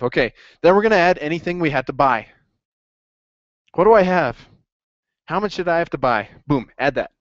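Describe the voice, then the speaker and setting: A man teaching an accounting class in a lively classroom lecture, quizzing students as he goes. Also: fairly high pitch, no room sound. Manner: upbeat, asks the class questions. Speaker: accounting instructor. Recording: dry, dull lo-fi classroom recording.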